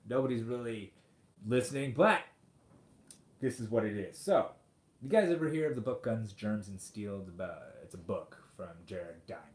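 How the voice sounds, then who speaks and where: A man's voice: on the low side, expressive, normal speed, a little mellow. A man in his forties hosting a podcast, delivering a profane, sarcastic rant into a microphone. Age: 40s. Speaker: podcast host. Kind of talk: ranting monologue. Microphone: studio microphone. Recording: roomy echo.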